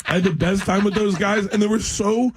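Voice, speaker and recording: A man's voice: sits high, a little fast, noisy background. A middle-aged man, a guest comedian in a radio studio, telling rambling stories with lots of laughter and restarts. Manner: animated, laughs through his stories. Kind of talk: casual interview storytelling.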